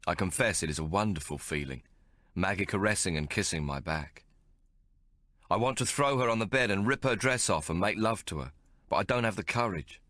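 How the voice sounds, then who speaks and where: A man narrating an audiobook in the first person, measured and descriptive. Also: deep voice, fairly bright tone, no room sound, clean studio sound.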